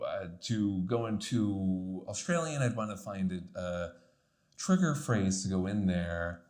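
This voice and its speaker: A man's voice: low-pitched, a little mellow. A young man from the New York area, a guest explaining voice technique in a casual interview, thinking aloud and laughing between points. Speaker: voice coach guest.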